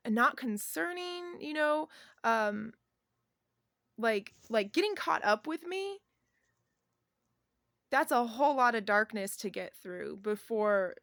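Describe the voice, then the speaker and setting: A woman vlogger talks through a personal story in a loose, meandering way, stopping and restarting her sentences. Her pitch sits in an ordinary middle range. The sound is dry and close, with no room echo. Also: a bit bright, smooth. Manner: rambling and halting, many fillers and restarts, laughing between thoughts.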